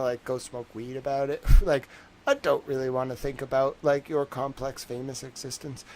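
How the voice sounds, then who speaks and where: A young man talking casually to his stream, his voice swinging up and down with lively pitch at a mid register. He meanders through stories, full of fillers and dry little laughs. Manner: meandering, lots of "like" and "I don't know"; wry, laughs between stories. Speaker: livestream host. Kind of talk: rambling casual chat.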